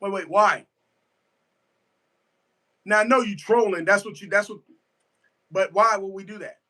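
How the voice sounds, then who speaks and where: A man's voice: high-pitched, unhurried, pushed and bright. A man giving a casual live reaction to a football game, emphatic and repetitive, answering his chat as he goes. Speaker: sports fan streamer.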